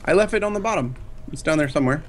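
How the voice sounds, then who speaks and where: A man's voice: a little high, expressive, racing. A young man playing a game with a friend, teasing him playfully and bursting into mock outrage. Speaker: co-player, guest. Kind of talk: casual gaming chat.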